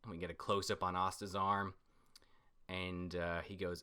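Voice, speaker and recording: A man giving casual reaction commentary on a comic chapter. He talks excitably, swears often, and bursts into shouts. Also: deep voice, moderate pace, smooth. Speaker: comic reviewer.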